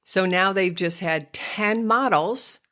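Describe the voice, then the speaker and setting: An older woman, a speech therapist hosting a podcast, patiently explaining to parents how to help toddlers speak clearly. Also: medium pitch, slow pace, a bit bright. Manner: patient, explanatory, slips into exaggerated child-directed speech when modeling. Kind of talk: instructive podcast talk to parents.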